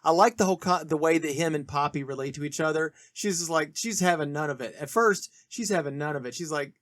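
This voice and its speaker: A man's voice: fairly high pitch, fairly quick, hardly any pauses, dry recording, studio quality. A man co-hosting a podcast, casually discussing a film and eagerly sharing trivia. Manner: chatty, trivia-heavy, animated retelling. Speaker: podcast co-host.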